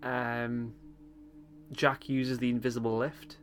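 A man in easygoing podcast chat, his voice sitting at an ordinary middle pitch. He rambles a little, fills gaps with ums and breaks into laughter often. A faint hiss sits under his voice. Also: flat delivery, takes it slowly. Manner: chatty, laughs often, hesitant with many ums. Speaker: podcast co-host. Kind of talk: casual chat recapping a TV episode.

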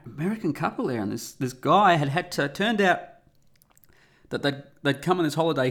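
Rambling, irreverent Australian man. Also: medium pitch. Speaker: guest podcast host. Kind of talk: casual monologue. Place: home room.

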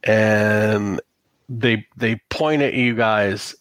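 A man narrating a tabletop role-playing game as game master, talking in a halting way with many restarts and fillers. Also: medium pitch, a bit bright, dry recording.

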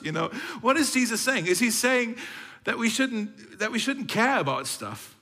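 A man's voice: high voice, lively intonation, normal speed, sharp tone. A man preaching a sermon as a pastor, talking in a conversational way with playful asides and frequent restarts. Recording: long reverb of a hall.

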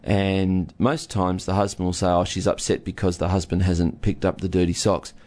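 Low-pitched and a little mellow, a relationship counsellor talks in a level tone at a moderate pace. Teaching casually alongside a co-host, he uses an everyday story about listening and acts out both husband and wife.

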